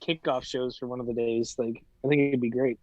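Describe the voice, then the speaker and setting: A man's voice: mid-range voice, little pitch movement, fairly quick, a little mellow, no room sound. A man co-hosting a casual podcast, easygoing, laughing often and leaning on fillers. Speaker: podcast co-host. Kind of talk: casual chat. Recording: dull, lo-fi mic.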